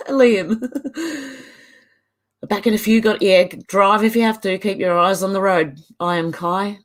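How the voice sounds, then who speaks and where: An Australian woman hosts a casual livestream, reading viewer comments aloud in an animated, mid-range voice at a measured pace with frequent pauses. She's chatty, laughs often, and uses Aussie slang.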